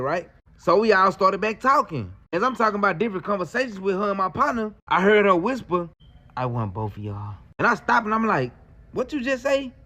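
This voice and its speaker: A man telling a story in a casual, slangy, animated way. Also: high voice.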